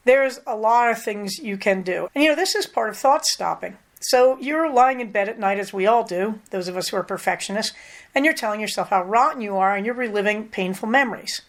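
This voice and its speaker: An older woman hosting a podcast, talking candidly in a casual, conversational monologue with lively emphasis. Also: medium pitch, moderate pace. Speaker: podcast host.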